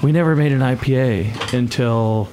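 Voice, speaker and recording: A mid-pitched man talks through his brewery's beers in a measured, explaining tone. Faint room noise sits behind his voice. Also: dark tone. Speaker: brewery representative. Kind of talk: casual chat.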